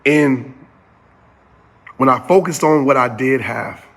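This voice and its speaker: A man's voice: medium pitch, takes it slowly. A man giving a motivational talk in an earnest, preacher-like cadence with repeated phrases. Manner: addresses listeners as y'all. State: getting emotional. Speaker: motivational speaker.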